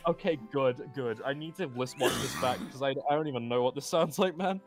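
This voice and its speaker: A man's voice: medium pitch, fast talker, over music. A man streaming a game with friends, mocking it in casual, incredulous commentary. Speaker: let's play streamer.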